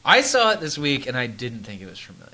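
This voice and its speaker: A man's voice: mid-range voice, huge pitch swings, fast, pushed and bright. A man co-hosting a podcast in casual chat, with dry, teasing banter. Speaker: podcast co-host.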